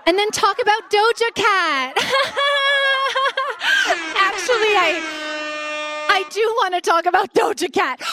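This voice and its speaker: Brash, high-voiced Canadian woman. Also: fairly bright tone. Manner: brash, sarcastic, playful. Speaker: podcast host. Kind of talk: live comedy podcast monologue. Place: stage before a live audience.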